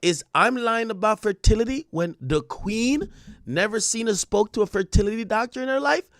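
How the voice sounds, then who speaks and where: A man's voice: sits high, lively intonation, normal speed, a bit bright, dry recording, studio quality, pitched above the performer's own voice. A man reading posts aloud in a mocking impression of a boastful female rap star. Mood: haughty.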